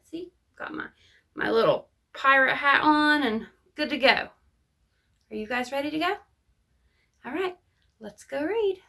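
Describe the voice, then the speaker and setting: A woman teacher reading a children's picture book aloud with lively, expressive storytelling. Her voice sits high, and the recording carries a noticeably echoey room sound. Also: unhurried, vocal fry, long pauses.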